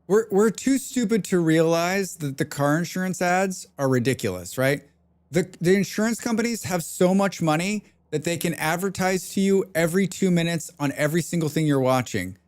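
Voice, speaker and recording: A man's voice: fairly high pitch, expressive, normal speed, darkish tone. A man livestreaming a game, chatting casually and rambling with plenty of swearing while reacting to chat. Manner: rambling, profane, reads chat aloud.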